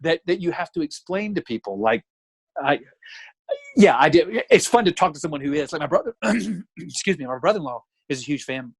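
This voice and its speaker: A comedian in his 40s from Alabama guests on a podcast by video call, telling casual stories and animatedly acting out the voices. His voice is a little high, brisk and husky. He's in a home room with a closet door, using a camera and ring light setup, and the dry recording is low quality.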